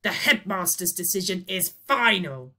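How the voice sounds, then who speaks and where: A woman voicing a loud, pompous male teacher who shouts his words out slowly. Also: on the low side, animated, voice pushed up. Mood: blustering. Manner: shouting, drawn-out.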